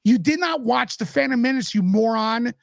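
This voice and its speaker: A man's voice: extremely high pitch, lively intonation, moderate pace, gravelly, dry recording, studio quality. A man who is a guest commentator in a casual podcast chat, ranting with passion and frustration.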